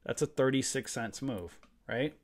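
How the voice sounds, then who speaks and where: Over a screen share, a trading room host leads a live session from his desk mic in a mid-pitched voice, speaking a little slowly. He is blunt and fired up, ranting with emphasis and letting mild swears slip in casually.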